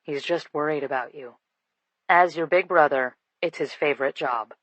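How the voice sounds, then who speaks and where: A woman voicing a deep-voiced young man who is relaxed and teasing, in a lowered, easygoing delivery for an audiobook. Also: normal speed, no echo.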